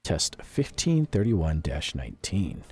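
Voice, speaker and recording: A man's voice: low voice, wildly swooping pitch, measured pace, a little mellow, breathy edge, faint music behind. A man in his thirties reading a document aloud on a stream, breaking off into joking asides. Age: 30s.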